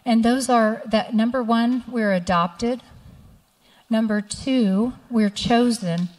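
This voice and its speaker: A woman's voice: on the high side, fairly even intonation, slow, a little mellow. A middle-aged woman pastor giving a sermon, telling personal stories and reading scripture aloud. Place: church sanctuary. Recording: church hall reverb.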